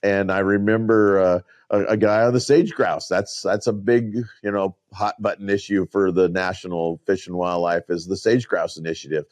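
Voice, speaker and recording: A man with a very low voice tells rambling stories in a relaxed podcast chat. He often quotes other people and lets out small chuckles. The sound is dry and close. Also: normal speed, hardly any pauses, dry recording. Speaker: podcast co-host, rancher.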